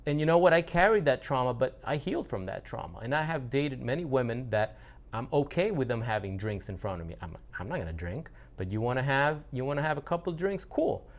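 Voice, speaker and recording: A man's voice: medium pitch, very animated, brisk. A man giving a blunt, profane monologue about relationships, often restarting his sentences. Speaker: relationship coach. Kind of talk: casual monologue.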